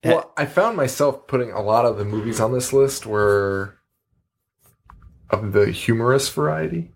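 A man with a slightly husky, mid-range voice trades casual podcast banter. He rambles, swears freely and laughs often. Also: mid-range voice, lively intonation, unhurried. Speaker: podcast co-host. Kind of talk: casual chat.

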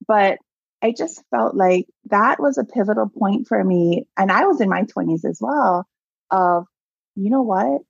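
Husky-voiced woman telling a story. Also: medium pitch, a little slow, no room sound, highs cut off. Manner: animated storyteller, many "like"s and laughs. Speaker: guest, abundance mindset coach. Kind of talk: casual storytelling interview.

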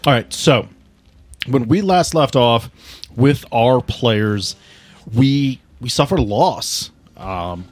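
Male game master, playful, upbeat, music in background. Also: mid-range voice. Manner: playful and encouraging, laughs easily. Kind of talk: running a tabletop game.

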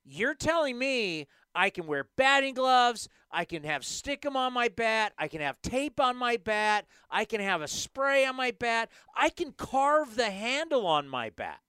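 A man hosting a casual sports podcast, ranting and repeating his points for emphasis. His voice is high and lively, with a bright, clear tone. The recording is close and dry. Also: a little slow, few pauses, no room sound. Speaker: podcast host.

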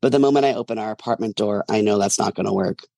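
Guy reading his own novel out loud, gravelly mid voice, dry close sound, steady pace. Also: on the low side, fast talker, dry recording. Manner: steady storytelling narration. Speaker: author reading his book. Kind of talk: first-person fiction reading.

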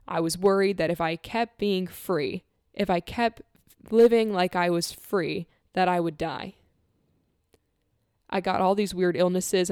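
Earnest, animated woman telling a story. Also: lowish voice, clear, resonant tone, dry recording, clean studio sound. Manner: animated, earnest, laughs often, acts out quotes. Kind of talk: casual conversational storytelling.

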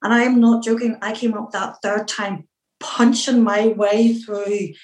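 Lively middle-aged Northern Irish woman. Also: medium pitch, a little slow, roomy sound, rough recording. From Northern Ireland. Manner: lively storyteller who acts out her own past remarks, with many fillers. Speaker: interview guest. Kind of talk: anecdotal interview storytelling.

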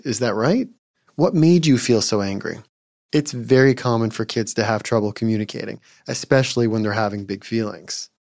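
A male psychologist hosting a podcast, giving scripted parenting advice in a calm, measured, gently instructive way. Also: mid-range voice, no echo, clean studio sound.

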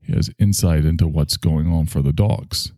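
A man voicing an eager male internet character who explains things in a low, steady voice. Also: moderate pace, no room sound, clean studio sound. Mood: explaining.

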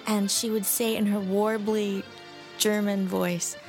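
A woman co-hosting a food podcast, telling stories in a lively, casual way. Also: mid-range voice, takes it slowly, faint music behind. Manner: storytelling, animated. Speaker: podcast co-host, magazine editor.

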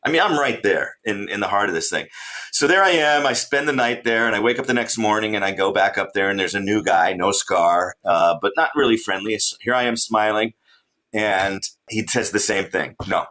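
Animated low-voiced male storyteller. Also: normal speed. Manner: animated storyteller, laughs often. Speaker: author and traveler, guest. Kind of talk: storytelling in a podcast interview.

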